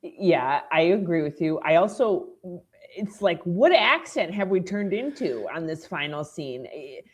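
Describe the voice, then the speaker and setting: A woman's voice: fairly low pitch, very animated, measured pace. A woman who is a guest on a podcast, chatting casually in a rambling, thoughtful way. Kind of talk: casual chat.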